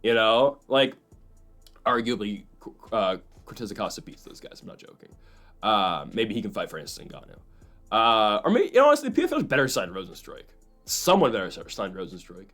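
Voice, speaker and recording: A man's voice: fairly low pitch, sing-song, fairly bright tone, soft background music. A young man casually hosting fight predictions, rambling with lots of fillers and side jokes. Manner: rambling, fast, full of fillers and asides. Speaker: host making fight predictions. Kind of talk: casual commentary.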